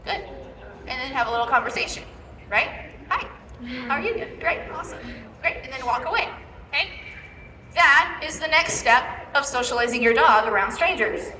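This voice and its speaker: A woman's voice: sits high, normal speed, pauses often, sharp tone, slight background noise. A woman dog trainer giving a live demonstration, coaching handlers step by step and checking in with a repeated "okay?". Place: large indoor expo hall. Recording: echoey hall from far off.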